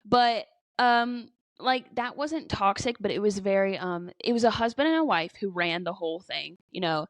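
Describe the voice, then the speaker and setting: A woman in her twenties co-hosts a casual podcast, speaking at normal speed in a mid-range voice with no room sound. Her chatty storytelling is packed with "like" and "you know," with occasional swearing.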